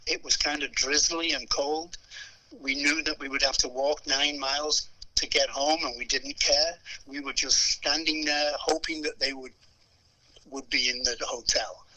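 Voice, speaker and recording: Bright-voiced older man. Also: a little high, measured pace, poor audio. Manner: animated storyteller who acts out voices and hums melodies. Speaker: musician guest. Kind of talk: anecdotal storytelling interview.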